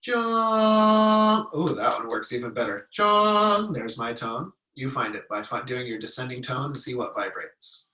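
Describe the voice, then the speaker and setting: A man leading a guided healing-sound meditation, speaking calmly and softly and drawing out long chanted vowel tones. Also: medium pitch, moderate pace, few pauses. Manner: calm, soft-spoken guidance with long chanted vowel tones. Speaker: meditation teacher. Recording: echoey room, mic at a distance.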